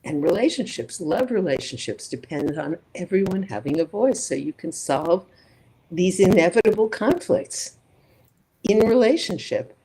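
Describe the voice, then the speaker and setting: Woman, psychologist guest, mellow tone, thoughtful, rhetorical questions, faint background noise. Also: fairly low pitch, sing-song, normal speed, low-quality recording. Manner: thoughtful, builds arguments through examples and rhetorical questions. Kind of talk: reflective interview conversation.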